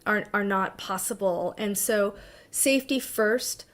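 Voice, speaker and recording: A middle-aged woman speaks as a psychotherapist presenting an informal webinar. Her pitch sits in a middle range, and her delivery is loose and conversational, with many "um"s and restarted phrases. She sounds like she is talking over a video call. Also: a little slow. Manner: conversational, warm-hearted advice with frequent fillers and restarts. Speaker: psychotherapist giving a talk.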